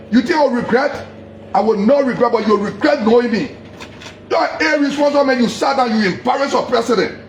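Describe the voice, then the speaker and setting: Very high-pitched Liberian man, angry and accusatory, repeats his points and shouts at times; echoey room, faint background noise. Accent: Liberian English. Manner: heated, accusatory, repeating himself, sometimes shouting. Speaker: politician. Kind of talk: angry public address.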